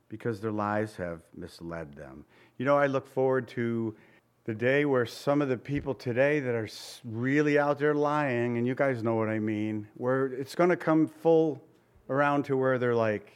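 Preaching to his congregation as though chatting with them, a middle-pitched pastor from an Italian family background peppers his sermon with rhetorical questions. Occasionally he voices the people he's quoting.

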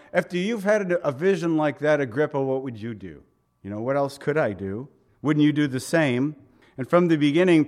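A middle-aged man preaching a conversational sermon, asking rhetorical questions and voicing quotes dramatically. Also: medium pitch. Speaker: pastor.

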